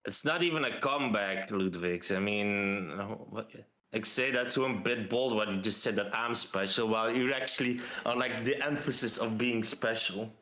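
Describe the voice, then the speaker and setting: A man's voice: fairly low pitch, moderate pace, few pauses, pushed and bright. A man in a casual voice chat, talking wryly and defensively, often chuckling at himself.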